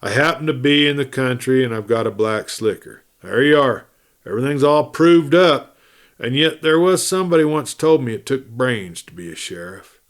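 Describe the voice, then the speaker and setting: A man reading aloud, voicing a cool, wry cowboy drifter who speaks in a slow drawl. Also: medium pitch, lively intonation, natural voice.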